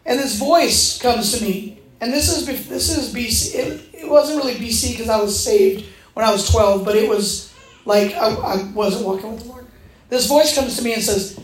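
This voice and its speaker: Her voice a touch high and her pace moderate, a woman delivers a sermon full of lively stories, voicing each character herself. The recording comes from an echoey church hall.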